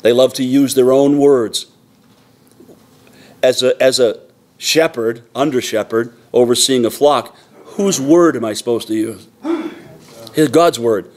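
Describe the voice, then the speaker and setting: A man's voice: mid-range voice, a little slow, pauses often, a little mellow. Earnest man preaching a sermon. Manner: earnest, repetitive emphatic preaching. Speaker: pastor. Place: church sanctuary.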